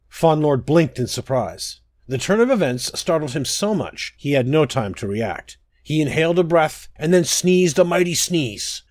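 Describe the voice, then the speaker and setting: A man narrating a scripted druidic fable in a measured storytelling manner. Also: on the high side, no room sound.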